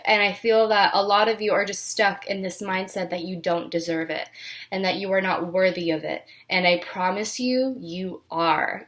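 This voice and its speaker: Woman tarot reader, earnest and reassuring, talks in loose run-on sentences and gets choked up at times. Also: medium pitch. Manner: earnest and encouraging, filler-heavy with many restarts. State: near tears, voice catching. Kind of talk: casual tarot reading to camera.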